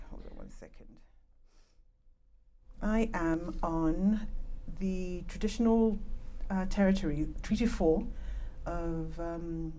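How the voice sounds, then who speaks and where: Woman with a British accent, mellow voice. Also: fairly low pitch, slight background noise. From born in Nigeria, raised in Britain. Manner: earnest, personal, with chatty asides about the mic. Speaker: conference speaker, advocate. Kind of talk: conference presentation. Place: conference room. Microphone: handheld or clip-on microphone.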